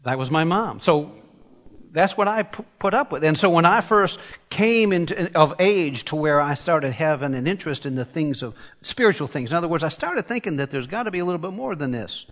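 An older man from Tennessee preaching a sermon, emphatic, firing rhetorical questions and climbing in pitch as he presses a point. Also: animated, brisk, fairly bright tone, in a large hall. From Tennessee, USA.

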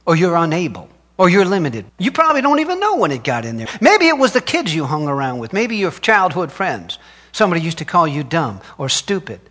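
A middle-aged pastor delivers a sermon with emphatic call-and-response, his voice high, bright, and forceful. His pitch swings hugely as he preaches at a fairly quick pace.

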